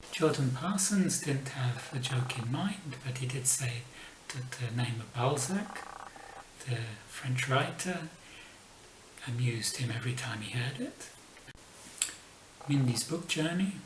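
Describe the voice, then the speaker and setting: A man casually telling book jokes as a vlogger, dropping his punchlines softly, sometimes in a whisper. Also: medium pitch, recorded from a distance. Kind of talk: casual joke telling to camera. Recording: echoey room, mic set back, faint noise.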